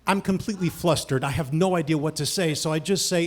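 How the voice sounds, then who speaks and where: Animated high-voiced male storyteller. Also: fast. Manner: animated and self-mocking, swinging from hushed asides to shouted punchlines. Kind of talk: live comic storytelling.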